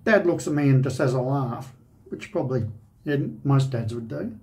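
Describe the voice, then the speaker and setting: A man's voice: medium pitch, normal speed, darkish tone. An Australian man, host of a shaving channel, telling a personal story in a rambling, conversational way with lots of "you know".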